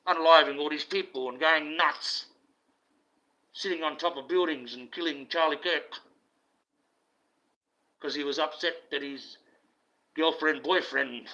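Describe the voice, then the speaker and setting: In a dull, lo-fi recording, a man who calls himself an online preacher rants in a monologue that is indignant, profane, and blunt. He speaks with a forceful, bright tone at a fairly high pitch.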